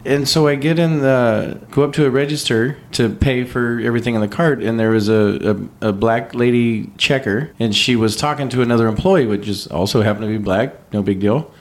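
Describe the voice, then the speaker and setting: A man from California, a podcast host, telling a story in casual, profane, animated talk and putting on quoted voices. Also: mid-range voice, a little fast, few pauses.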